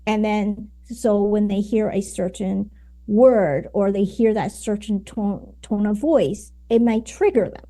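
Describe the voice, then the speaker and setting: Here a woman communication coach appears as a guest in a conversational interview, explaining her ideas with lots of fillers and tag questions. She has a medium-pitched voice, a dark tone, and an unhurried delivery.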